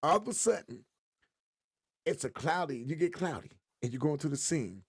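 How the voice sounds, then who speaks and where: A man's voice: on the high side, normal speed, breathy edge. A man co-hosting a podcast, chatting casually and telling jokey stories with lots of energy. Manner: animated, joking storyteller. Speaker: podcast co-host. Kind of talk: casual chat.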